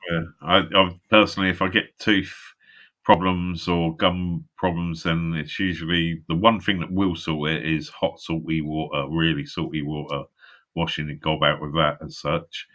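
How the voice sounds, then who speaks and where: A man's voice: low-pitched, level tone, moderate pace, pushed and bright. A man chatting casually on a live stream over a video call, rambling, laughing often and swearing constantly. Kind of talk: casual chat.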